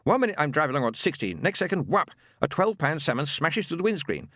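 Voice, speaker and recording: A man's voice: fairly high pitch, very animated, fast talker, a bit bright, no room sound, studio quality, voice pushed up. A man voicing an indignant lorry driver who talks in a blunt, exasperated way. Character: indignant working-class male lorry driver.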